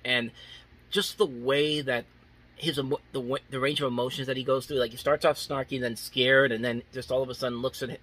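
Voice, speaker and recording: A young man talks through a movie review with loose, unscripted enthusiasm. His voice is bright and forward with a husky grain. He keeps restarting sentences and leaning on filler words. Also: mid-range voice, level tone, fairly quick. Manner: rambling, many restarts and "like" fillers.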